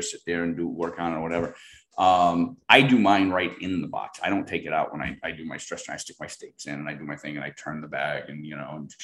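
A man's voice: low-pitched, fairly bright tone, roomy sound. A man speaking as the guest in a casual interview, rambling with lots of fillers and restarts. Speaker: guest product expert.

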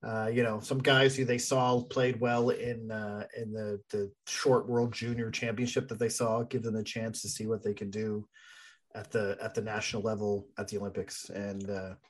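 A man's voice: lowish voice, little pitch movement, moderate pace. Rambling man chatting casually. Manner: rambling, thinking aloud with many fillers. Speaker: podcast co-host. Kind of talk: casual hockey chat.

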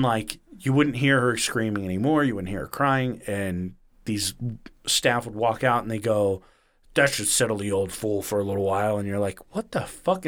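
A man hosting a podcast, casually retelling a story with swearing and acted-out quotes. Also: mid-range voice. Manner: animated retelling, swearing, acting out quotes in varied voices. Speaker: podcast host.

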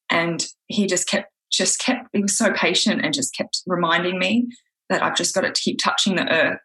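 Bright-voiced woman telling a raw personal story. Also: lowish voice, rough recording. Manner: halting, searching for words, many restarts.

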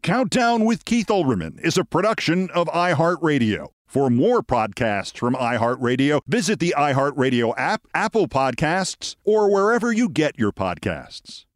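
Wry deadpan New York man. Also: on the high side, normal speed, hardly any pauses, dry recording, clean studio sound. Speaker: podcast host. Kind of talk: storytelling monologue and show sign-off.

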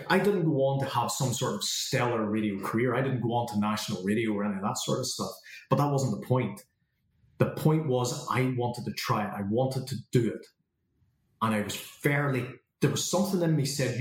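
A man, a confidence coach telling a personal story and acting out the dialogue in it. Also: lowish voice. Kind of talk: storytelling monologue. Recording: roomy echo.

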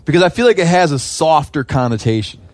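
A man's voice: a little high, lively intonation, fast, no echo. A man hosting a casual podcast, congested with a sore throat, who talks loosely and restarts his sentences. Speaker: podcast host.

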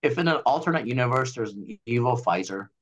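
A man's voice: medium pitch, expressive, a little fast, lo-fi sound. A man, a doctor appearing as a guest, talking animatedly and speculating in a casual interview.

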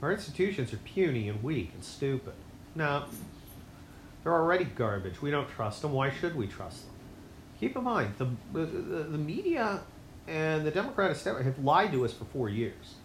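A man hosting his own show, delivering a rambling, sarcastic political monologue that swings between loud outbursts and low mutters. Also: sing-song, moderate pace, roomy sound, a little hiss or hum. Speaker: podcast host.

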